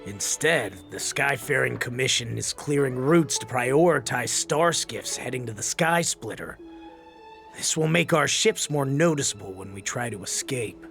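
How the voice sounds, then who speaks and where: An actor playing a dismissive off-duty male pilot in a game, with a gravelly voice and slow delivery. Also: medium pitch, lively intonation, a bit bright. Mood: gruff. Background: game music.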